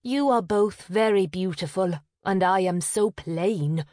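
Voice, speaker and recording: A woman voicing a timid, tearful youngest sister who talks softly and sighs. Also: medium pitch, a little slow, no echo, studio quality, close to an everyday voice. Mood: plaintive. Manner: soft, plaintive, sighing.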